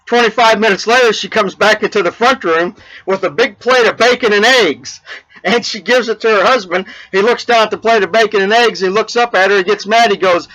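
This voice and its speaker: High bright rambling man. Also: low-quality recording. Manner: rambling, many fillers and restarts, laughs at own jokes. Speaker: vlog host. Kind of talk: casual chat and joke telling.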